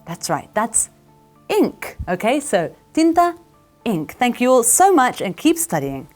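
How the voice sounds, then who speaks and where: A woman teaching English to camera, drilling vocabulary and repeating words slowly with encouragement. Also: on the high side, very animated, faint music behind.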